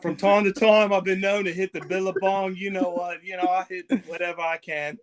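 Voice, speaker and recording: A brash, swaggering Australian fisherman who brags about himself nonstop, as a man puts on the act. He speaks in a thick put-on Aussie accent, a little higher in pitch than most men. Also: little pitch movement, a little fast, a loud crowd, natural voice. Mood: boastful. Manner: cocky, swaggering, full of bluster. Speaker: guest. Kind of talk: comedic character bit.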